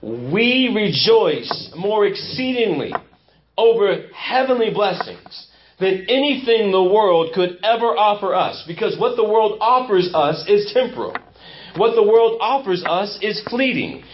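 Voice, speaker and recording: A pastor delivering a sermon in a church with an emphatic, repetitive preaching cadence. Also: male voice, high-pitched, sing-song, a little slow, a little hiss or hum. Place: church sanctuary. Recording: muffled lo-fi church recording.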